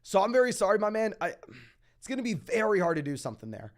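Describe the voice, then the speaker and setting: A young man hosting a casual fantasy football Q&A, reading out viewer questions and answering them in a quick, emphatic way. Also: high-pitched, very animated. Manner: fast, emphatic, calls listeners "my man". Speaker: fantasy football podcast host.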